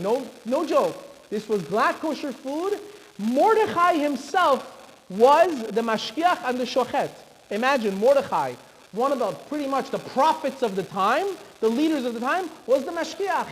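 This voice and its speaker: Animated rabbi telling a story in synagogue. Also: male voice, extremely high pitch, moderate pace. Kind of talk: storytelling sermon. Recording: reverberant hall, faint background noise.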